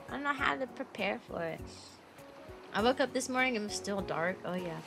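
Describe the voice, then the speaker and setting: A woman's voice: medium pitch, fairly quick, a bit bright, soft background music. A young woman, chatting casually on a stream in a bubbly, rambling, playful way.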